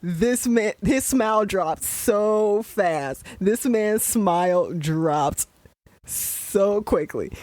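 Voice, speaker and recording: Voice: medium pitch, animated, very slow, darkish tone, no room sound. A young adult podcast host giving casual commentary on a show, ranting in a profane, exasperated way.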